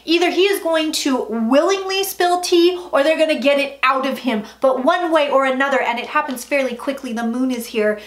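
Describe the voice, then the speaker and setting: A woman's voice: sits high, moderate pace, a little hiss or hum. A woman psychic giving a casual tarot reading vlog, chatty and emphatic, often dropping into murmured asides.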